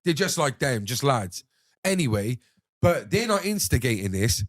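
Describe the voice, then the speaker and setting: A man's voice: medium pitch, very animated, normal speed, no echo, studio quality. Swearing, rambling male storyteller. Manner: rambling, swearing, repeats "you know what I mean". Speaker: podcast guest. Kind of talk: casual anecdote telling.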